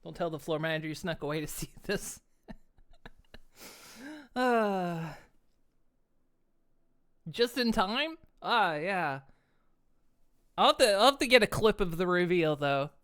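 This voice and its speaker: A woman's voice: fairly low pitch, expressive, slow, long pauses, a bit bright, clear, resonant tone. A woman streaming live, chatting casually and playfully, laughing often and hamming up her expressions. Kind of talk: casual livestream chat.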